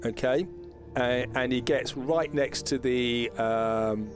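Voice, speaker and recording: A man narrating a tabletop game as game master, slow and halting with many pauses and fillers. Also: mid-range voice, music in the background.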